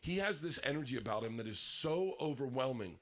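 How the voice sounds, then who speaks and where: A man telling a long story on a podcast, profane and animated, swinging between loud excited bursts and low hushed asides. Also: a little fast. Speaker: comedian guest telling a story.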